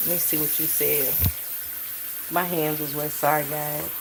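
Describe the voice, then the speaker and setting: A woman's voice: low-pitched, little pitch movement, measured pace, distant mic. Woman, livestream host, joking and profane, set back from the mic, echoey room, faint hiss. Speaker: livestream host reading chat. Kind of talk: casual chat.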